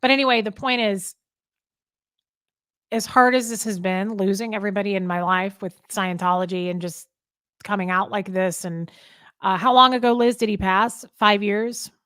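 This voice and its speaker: A middle-aged woman talks through a live stream. Her voice sits at an ordinary pitch, sincere and a little rambling, with plenty of ums as she reads comments. The sound is dry and close, with no room echo. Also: fairly even intonation, normal speed, a bit bright. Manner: heartfelt, rambling, with many ums. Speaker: host of a live chat. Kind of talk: casual live-stream chat reading comments.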